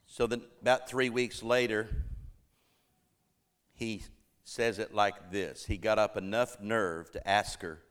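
A man's voice: lowish voice, fairly even intonation, slow pace, fairly bright tone. A middle-aged pastor preaching a sermon, shifting his voice to act out the people he quotes.

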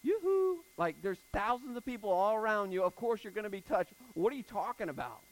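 A man's voice: high-pitched, lively intonation, fast, low-quality recording. A man voicing exasperated male followers who mock a question sarcastically. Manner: mocking, sarcastic.

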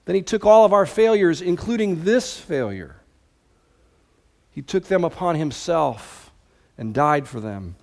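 Emphatic preacher with a high voice. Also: male voice, lively intonation, unhurried, creaky. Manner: emphatic, with conversational asides. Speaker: pastor. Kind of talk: sermon.

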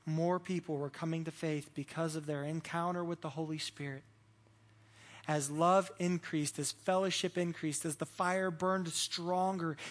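A man preaching a sermon as pastor, earnest and repeating words as he builds his points. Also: fairly high pitch.

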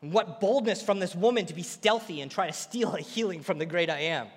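A man preaching a sermon, retelling a story with lively, acted-out quotes. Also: high-pitched, fairly quick, big-room sound.

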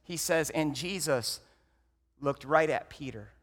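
A man preaching a sermon, telling the story dramatically and swinging from loud to hushed. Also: fairly high pitch, a little slow. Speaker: pastor. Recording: long hall reverb.

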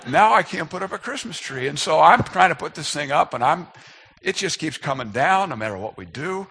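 Man, fifties, strong bright tone, self-deprecating, humorous sermon story. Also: fairly high pitch, animated, normal speed, husky. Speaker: speaker.

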